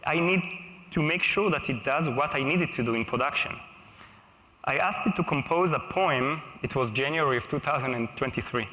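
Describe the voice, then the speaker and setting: A man delivering a conference keynote in a conversational way, now and then checking in with the crowd. His voice is bright and forward, and it carries a long, roomy echo from a big hall. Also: fairly high pitch, moderate pace. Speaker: keynote speaker. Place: stage at a large live conference. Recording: echoey large hall.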